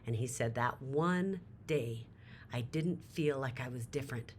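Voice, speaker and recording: A woman's voice: very deep voice, unhurried, slight background noise. A woman giving a motivational talk, telling a story dramatically and emphatically, with her voice climbing sharply at emotional peaks. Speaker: motivational speaker.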